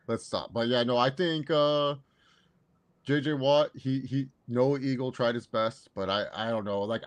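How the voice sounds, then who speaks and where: Animated young man riffing on football. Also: medium pitch. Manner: animated, swears, mimics commentators. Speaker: podcast co-host. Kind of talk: casual sports chat.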